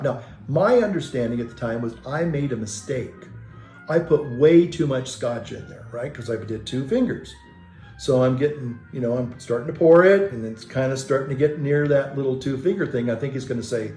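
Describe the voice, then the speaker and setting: A man's voice: mid-range voice, lively intonation, moderate pace, mellow, echoey room, soft background music. A man who is a Catholic priest, telling a story casually in a rambling way, with restarts and self-corrections.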